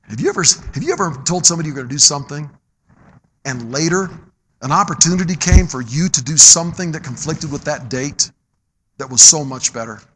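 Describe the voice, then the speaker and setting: Middle-aged male preacher, high bright voice, swings from forceful calls to hushed storytelling. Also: animated, brisk, slight background noise. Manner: swings from loud emphatic exhortation to low quiet storytelling. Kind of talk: sermon.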